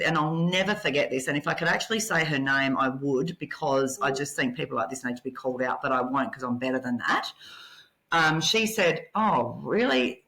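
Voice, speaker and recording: Blunt, forceful woman telling stories. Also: low voice, rough recording. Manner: blunt, swears freely, animated. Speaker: podcast guest. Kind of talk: candid personal storytelling.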